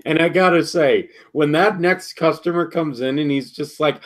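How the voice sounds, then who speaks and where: A man's voice: on the high side, moderate pace, hardly any pauses. A man co-hosting a casual review chat, chiming in with short dry remarks. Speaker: podcast co-host.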